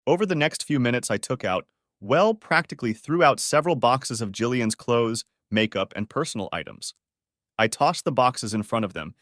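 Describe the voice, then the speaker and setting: A man reading a revenge story aloud, dramatic and bitter, his pitch swinging widely. He sits close to the mic in a dry, dead room. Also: no room sound. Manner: dramatic, bitter, voices the shouted lines. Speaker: story narrator. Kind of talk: first-person revenge story narration.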